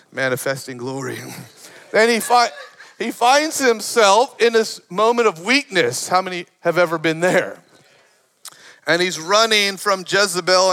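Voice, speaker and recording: A man preaching a sermon with passion, rising to shouts and dropping in short laughs between points. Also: high-pitched. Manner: impassioned preaching that builds to shouts. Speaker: pastor.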